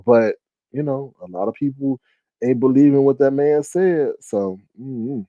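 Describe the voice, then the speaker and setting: Male streamer chatting with viewers, animated, warm low timbre, dry close sound. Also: no room sound, lo-fi sound. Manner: animated, with shrieking high exclamations and laughter; drawling asides like "ooh, child". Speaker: live-stream host. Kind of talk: casual live-stream chat.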